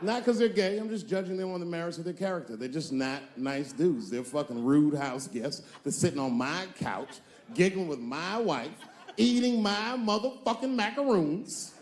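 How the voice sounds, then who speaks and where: A man's voice: a little high, moderate pace, slight background noise. A male stand-up comedian telling stories in a profane, conversational way with punchy emphasis.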